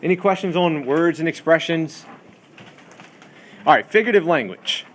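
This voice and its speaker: A man's voice: fairly high pitch, expressive, moderate pace, background noise. A man teaching a Bible study class in a classroom, lecturing in a conversational way and asking the students questions, with many fillers.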